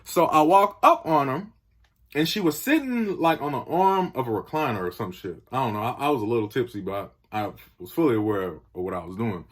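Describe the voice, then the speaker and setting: A young man tells a story in animated casual speech, his pitch leaping as he acts out the quotes and the sound effects. His voice is a little husky. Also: brisk. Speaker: comedian telling a story.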